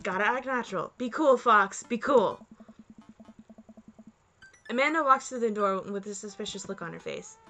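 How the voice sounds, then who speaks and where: Very bright, excitable woman gamer. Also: medium pitch, moderate pace, long pauses, faint music behind. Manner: excitable, shrieks and laughs. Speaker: gaming video host. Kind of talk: let's play commentary and reading game text.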